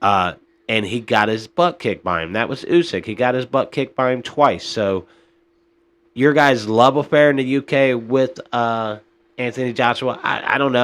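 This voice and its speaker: A man's voice: medium pitch, fairly bright tone. A man hosting a podcast, giving casual boxing commentary in a rambling, frustrated way, often tossing in "man" and "uh.". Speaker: podcast host.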